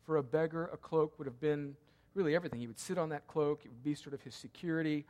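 A man's voice: fairly high pitch, fast talker. Man preaching in a reverberant hall. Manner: emphatic, repeats key lines, swings between loud cries and hushed tones. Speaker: pastor. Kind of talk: sermon.

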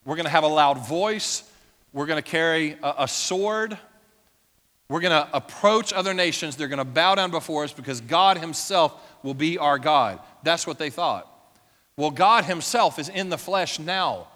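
A male pastor preaching a sermon in a church, emphatic, swinging from loud declarations to hushed intensity. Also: on the high side, moderate pace. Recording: echoey church hall with long reverb.

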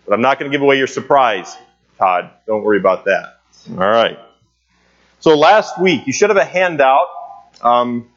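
A man's voice: mid-range voice, dull audio. A man teaching a church Bible class in a conversational way, with many filler sounds, asking the class questions. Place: church meeting room.

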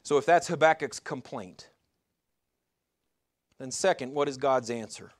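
At a medium pitch and a measured pace, a pastor gives a conversational sermon. He keeps asking his audience rhetorical questions and sometimes falters and begins a sentence over.

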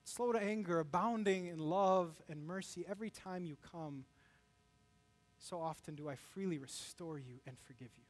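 High-voiced animated male preacher. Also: normal speed. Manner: animated, acts out quoted voices with rising pitch. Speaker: pastor. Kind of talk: sermon.

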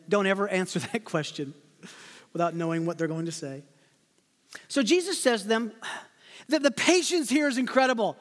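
A man preaching an expository sermon as pastor, swinging between loud rhetorical questions and hushed asides. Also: high-pitched, sing-song, moderate pace, in a large hall.

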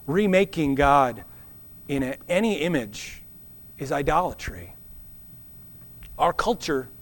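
A man preaching a sermon to a congregation, earnest and measured, with dramatic pauses that slow down key words. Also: on the high side. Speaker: pastor.

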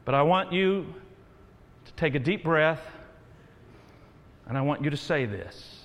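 Preaching in a big church hall where his words ring out and linger in a long reverb, a high-voiced male pastor urges his congregation on and builds to loud calls. His intonation is lively and his pace measured.

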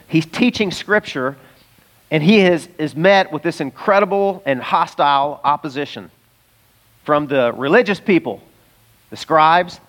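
A pastor preaching a sermon in a conversational, emphatic way, sometimes laughing mid-sentence. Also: male voice, a little high.

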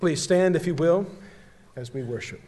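A man from the Ozark region, a pastor preaching a sermon with measured phrases that fall to a hush at their ends. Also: fairly high pitch. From Ozark region, USA.

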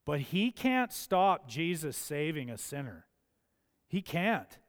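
High-voiced preacher man in a reverberant hall. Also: big pitch swings, slow. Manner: emphatic, building to forceful peaks. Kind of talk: sermon. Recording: long church hall reverb.

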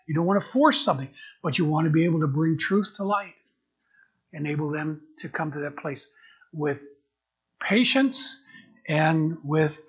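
An older man preaching in a husky, slightly breathy voice that sits fairly high for a man. He talks conversationally from the pulpit and often repeats words as he gropes for a phrase. The recording is dull and lo-fi. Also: normal speed. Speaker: pastor. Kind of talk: sermon.

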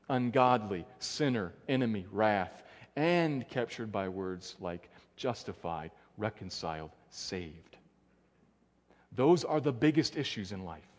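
A male pastor preaches a sermon in a church sanctuary, his earnest voice sinking soft and low whenever he wants emphasis. The recording carries the long reverb of a church hall.

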